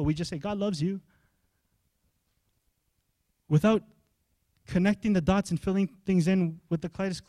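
A young adult male pastor, preaching a sermon in an animated, conversational way and asking the congregation questions. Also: high voice, no echo, studio quality.

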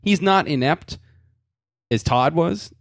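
A man's voice: a little high, takes it slowly, gravelly, no room sound, clean studio sound. Chatty man hosting a podcast. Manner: chatty, hedging, lively. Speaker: podcast co-host. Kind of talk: casual chat.

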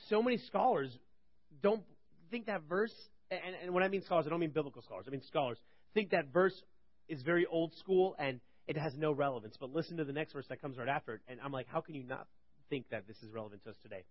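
Young male Bible teacher, talky and rhetorical, slightly high voice, dull dry audio. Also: dry recording. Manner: conversational, rhetorical questions, swings between loud and quiet. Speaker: preacher.

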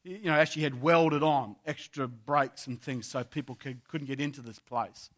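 A man's voice: medium pitch, steady tone, normal speed. A man preaching a sermon as a pastor, telling a story vividly and addressing his listeners as friends, repeating key phrases for emphasis.

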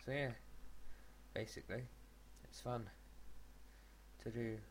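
A man's voice: mid-range voice, slow pace, slight background noise. A man co-hosting a casual podcast, chatting in a rambling way and often restarting his sentences. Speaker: podcast co-host.

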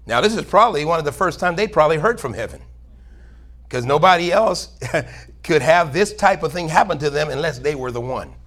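This pastor's voice is fairly high and bright, animated, and a little fast as he preaches in church. He reads scripture aloud and asks the congregation for amens.

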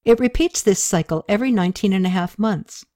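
A woman reading the part of a stern, scheming male high priest, in a grave and insistent manner. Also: fairly quick, dark tone, lightly acted. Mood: explaining.

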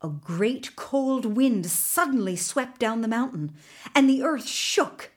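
A woman storyteller reading a folktale aloud, unhurried and measured. Her fairly high voice rises and falls with lively expression.

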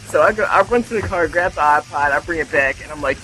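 A young man in his twenties, co-hosting a casual late-night podcast over a remote call, telling an animated story and swearing freely while acting out quotes. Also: on the high side, a little fast, slight background noise, low-quality recording. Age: 20s. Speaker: podcast co-host.

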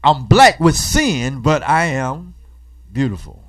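This is a male preacher leading a call-and-response sermon with a sing-song voice on the high side. He asks the congregation questions, leaves space for their responses, and moves between booming emphasis and soft asides in a casual churchly cadence.

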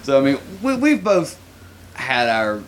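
A man's voice: mid-range voice, unhurried, a little hiss or hum. Give me a laughing male podcast co-host spinning a story and acting out the voices in it. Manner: animated storyteller, laughs often, acts out quoted voices. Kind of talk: casual storytelling chat.

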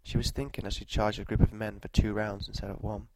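A man with a lowish voice narrates a scripted story in a measured, even way, ending with walking directions. Background noise is audible.

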